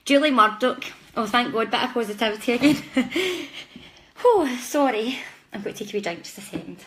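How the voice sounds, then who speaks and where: Woman, psychic reader, live stream, chatty, talks to viewers directly, slightly high voice. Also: lively intonation, quick pace, a little hiss or hum. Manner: chatty, warm-hearted, apologetic, speaks directly to viewers.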